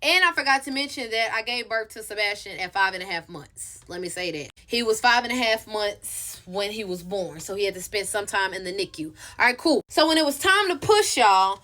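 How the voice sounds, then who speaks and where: A woman's voice: mid-range voice, expressive, brisk, hardly any pauses, sharp tone. A young adult woman candidly telling her own story to viewers, swearing freely and calling on her audience. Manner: candid, profane, addresses viewers directly. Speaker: storytime vlogger. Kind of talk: casual storytelling.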